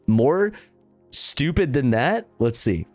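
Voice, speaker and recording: A man's voice: mid-range voice, very animated, takes it slowly, dry recording, faint music behind. Profane sarcastic man riffing. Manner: profane, sarcastic, rambling with many fillers. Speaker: streamer reacting to videos. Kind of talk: casual reaction commentary.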